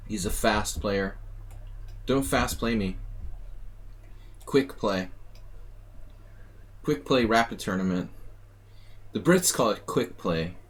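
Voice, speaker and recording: A man's voice: on the low side, takes it slowly, long pauses. A man streaming a chess simul, thinking aloud in a muttering, self-mocking way. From United States. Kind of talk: live commentary while playing.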